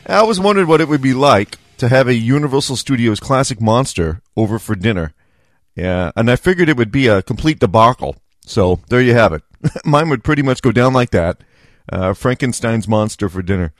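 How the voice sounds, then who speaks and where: A man's voice: medium pitch, lively intonation, normal speed, dry recording, clean studio sound. A man hosting a podcast in a chatty casual monologue, laughing often. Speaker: podcast host.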